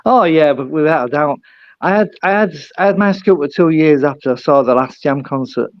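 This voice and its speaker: A man's voice: fairly high pitch, animated, fairly quick, dry recording, dull audio. An older man with a British accent, chatting casually as a guest, rambling and self-deprecating. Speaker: guest caller. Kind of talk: casual chat.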